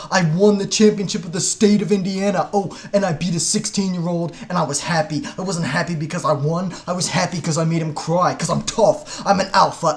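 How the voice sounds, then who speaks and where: A man doing a mocking parody of a loud, boastful male internet tough-guy millionaire who brags over and over. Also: sits high. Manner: brash, repetitive bragging.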